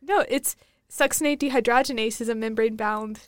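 A young woman co-hosting a podcast in casual chat, answering in short, relaxed remarks. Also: fairly high pitch, brisk, heavy background noise. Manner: laid-back, brief replies. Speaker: podcast co-host.

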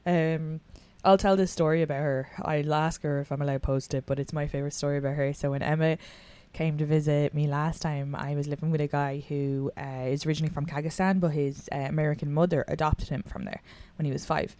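A woman's voice: low-pitched, steady tone, mellow, clear, resonant tone, no room sound. A young Irish woman hosting a podcast, chatting casually and telling stories in a brash, swear-heavy way. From Ireland. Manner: brash, quick storytelling full of swearing. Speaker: podcast host and comedian. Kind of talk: casual chat.

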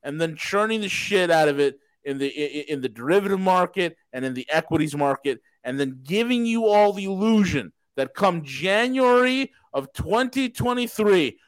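Man, high-pitched, emphatic, rhetorical questions, swearing, podcast commentary, dry close sound. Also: lively intonation, fairly quick, hardly any pauses, dry recording, poor audio. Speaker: podcast host. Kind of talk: casual markets commentary.

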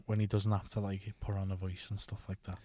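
A man's voice: deep voice, flat delivery, fast talker, dark tone. A young man co-hosting a casual film review chat, talkative and prone to trailing off into mumbles. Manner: chatty, trails off, drops to mumbles. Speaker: film podcast co-host.

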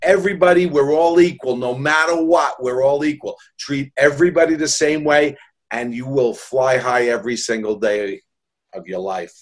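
A man's voice: mid-range voice, normal speed. A man, a balloon artist telling heartfelt, rambling stories in a jokey, casual way. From New York, USA. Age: 60s. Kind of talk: casual storytelling.

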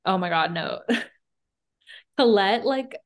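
A woman's voice: mid-range voice, lively intonation, drawn-out words. A woman co-hosting a podcast, chatting casually and acting out quotes with lots of "like". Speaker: podcast co-host. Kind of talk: casual recap chat.

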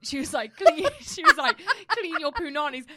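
A woman's voice: high-pitched, normal speed, heavy background noise. A young woman co-hosting a podcast, chatting and laughing as she tells stories. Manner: chatty, laughing, animated storytelling. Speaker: podcast co-host. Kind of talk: casual chat.

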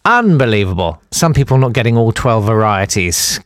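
A man's voice: on the low side, sing-song, normal speed, dry recording, studio quality. A man hosting a comic news podcast, sarcastic and rambling with lots of ums. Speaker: podcast host.

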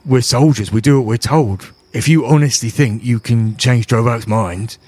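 A man's voice: medium pitch, moderate pace, darkish tone, no room sound, close to an everyday voice. A man voicing a reluctant soldier who carries a barrel. He speaks hesitantly and stammers through restarts. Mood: resigned. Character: weary, reluctant male soldier carrying a barrel.

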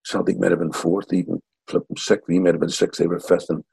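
A man in his sixties from Northern Ireland with a Northern Irish accent, telling lively stories as an interview guest. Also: low voice, fast talker, gravelly, breathy edge, no room sound, low-quality recording. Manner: lively yarn-spinner acting out quotes. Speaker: guest, former footballer. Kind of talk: anecdotal storytelling.

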